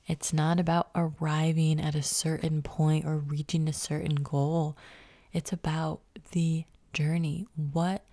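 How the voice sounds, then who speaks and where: A woman with a low, warm, gravelly voice hosts a solo motivational podcast, often dropping into a breathy half-whisper. She sounds a little stuffy from a cold and stays upbeat and encouraging. The recording is close and dry. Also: no echo. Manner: upbeat, encouraging, laughs at herself. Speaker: podcast host.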